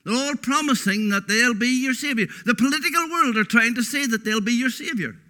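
A man's voice: very high voice, fairly quick, sharp tone. A man preaching a sermon, emphatic and folksy, repeating words for stress.

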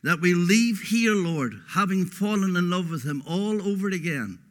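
A man's voice: high voice, normal speed, a bit bright. A man preaching a sermon, emphatic and folksy, repeating words for stress.

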